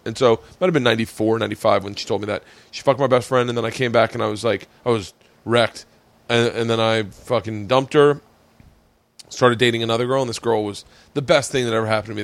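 A man's voice: medium pitch, a little fast, no echo. A middle-aged man from Florida hosting a podcast, telling stories in casual chat and acting out the people in them. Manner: animated, swearing, acts out quoted voices. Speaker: podcast host.

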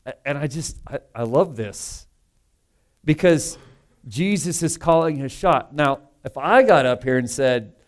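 A pastor preaching a sermon in a conversational, emphatic way, full of rhetorical asides. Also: male voice, a little high, expressive, unhurried.

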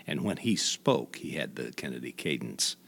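A man from Indiana, a guest in an interview, telling stories in a halting way with many restarts. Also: rumbling low, sing-song, gravelly, heavy background noise. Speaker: guest, voice imitator. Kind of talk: reflective conversational storytelling.

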